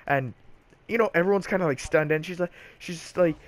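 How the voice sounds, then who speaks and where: Speaking briskly in a fairly high voice, a teenage boy relaxedly narrates a storytime vlog, chatty and loose with plenty of filler words.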